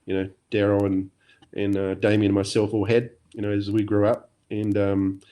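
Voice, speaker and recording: Low, flat-voiced New Zealand man. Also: normal speed. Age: middle-aged. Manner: relaxed, rambling, many fillers and restarts. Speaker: podcast guest, former motocross champion. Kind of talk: casual interview chat.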